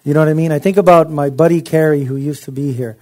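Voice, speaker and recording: A man's voice: a little high, fairly even intonation, quick pace, darkish tone. A man preaching a sermon in an impassioned, conversational way, with frequent asides to his listeners.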